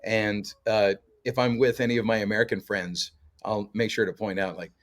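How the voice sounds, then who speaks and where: A man from Canada talks in a fairly low voice, telling stories in a loose, joking way with plenty of fillers. He sounds like a musician relaxed on a podcast chat. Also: moderate pace. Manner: chatty, jokey storyteller with many fillers. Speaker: guest co-host, musician.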